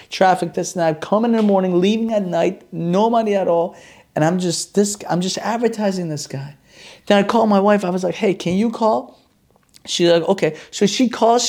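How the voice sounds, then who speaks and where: A young man, a chiropractor, telling a personal story and acting out the quoted lines with big jumps in pitch. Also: creaky, darkish tone.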